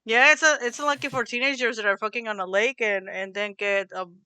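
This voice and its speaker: Young woman cohost, crisp bright voice, chill and cussing a lot, dry close sound. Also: on the high side, brisk, no room sound. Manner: relaxed, swears casually, trails off and laughs often. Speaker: podcast co-host. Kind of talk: casual chat.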